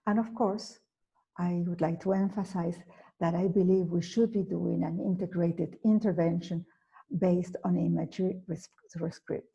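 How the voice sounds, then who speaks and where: A native Spanish-speaking woman with an Argentine accent presents a therapy lecture in a measured, careful way. Her voice is dark and husky with a gravelly edge. She pauses on fillers and corrects herself as she goes. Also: fairly low pitch, steady tone, dull audio. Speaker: psychotherapist presenting at a conference.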